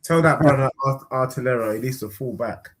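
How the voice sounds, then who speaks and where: A man co-hosting a casual football chat, trading banter and shouting out viewers in slang. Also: medium pitch, brisk. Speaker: co-host and fan pundit.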